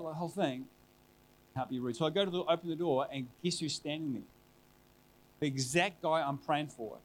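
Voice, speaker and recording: A man's voice: a little high, normal speed. A middle-aged man preaching a sermon, telling a personal story in an earnest, conversational way with frequent restarts.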